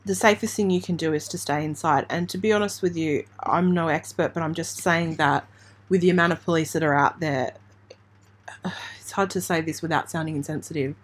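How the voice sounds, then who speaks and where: A woman from Australia hosting a true crime channel, giving halting, emotional live commentary on breaking news while trying not to cry. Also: low-pitched, steady tone. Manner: halting, emotional, hesitant with restarts. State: near tears.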